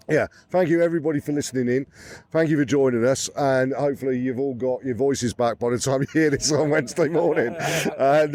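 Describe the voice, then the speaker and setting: Hoarse male podcast host, enthusiastic and rambling, outdoor stadium recording. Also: medium pitch, a little mellow, slight background noise. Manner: enthusiastic, rambling fan talk. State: hoarse from shouting. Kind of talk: casual chat.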